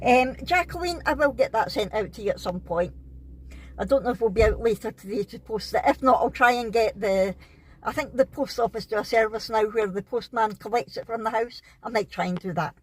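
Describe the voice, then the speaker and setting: A middle-aged Scottish woman vlogger chats casually to camera in a family vlog, rambling with plenty of ums and little laughs. Her voice sits on the high side, runs a little fast, and has a breathy edge.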